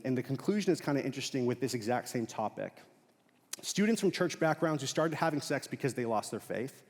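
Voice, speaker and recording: A young man preaching a sermon as pastor, telling stories in a casual, animated way with fillers and laughs. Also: mid-range voice. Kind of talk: sermon with storytelling. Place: large church auditorium. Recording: long hall reverb.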